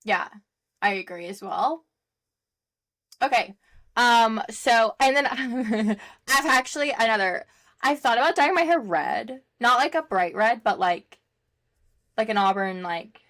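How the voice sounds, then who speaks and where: A woman's voice: fairly high pitch, expressive, slow pace, long pauses, fairly bright tone, no room sound, studio quality. A young woman co-hosting a casual podcast chat over a video call, chatty and full of fillers and laughs. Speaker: podcast co-host.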